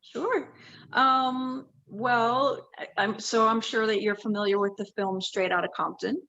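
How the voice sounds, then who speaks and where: A woman's voice: a little high, fairly even intonation, a little slow, bright, forceful tone, highs cut off. Chatty woman guest in her fifties. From Los Angeles area, USA. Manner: chatty, laughs often, self-correcting. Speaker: interview guest. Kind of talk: casual interview storytelling.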